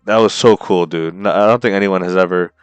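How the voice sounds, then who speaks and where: A man co-hosting a podcast, recapping a story in an excited, slangy way and calling his co-host bro and dude. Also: low voice, a little fast, clear, resonant tone, no echo, faint music behind. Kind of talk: casual chat.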